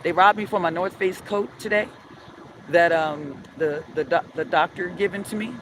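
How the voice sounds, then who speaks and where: This street vlogger, a middle-aged New Orleans woman, is live-streaming on her phone from a city street at dawn, cursing and fuming as she spins an animated tale punctuated by sing-song chants. Her voice sits lowish at a moderate pace, and the audio is poor. Heavy city traffic noise fills the outdoor recording.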